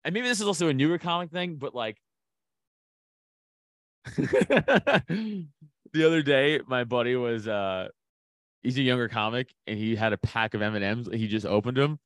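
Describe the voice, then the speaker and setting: Profane storytelling comedian, dry close mic. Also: male voice, medium pitch, animated, normal speed, long pauses, no echo. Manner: profane, storytelling, laughs often. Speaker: comedian guest. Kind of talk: casual podcast chat.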